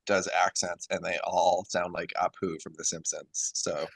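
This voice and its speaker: A man's voice: low voice, flat delivery, normal speed, vocal fry, husky, no room sound. A man co-hosting a casual chat with wry jokes. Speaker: podcast co-host.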